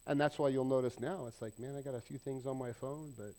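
A man's voice: mid-range voice, steady tone, quick pace, darkish tone. A middle-aged man preaching a casual, conversational sermon in a church, with self-deprecating asides. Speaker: pastor. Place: church sanctuary.

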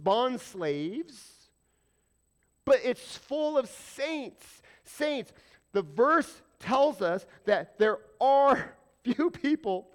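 A male pastor preaches in an animated, conversational manner, frequently putting questions to the congregation. His voice is high.

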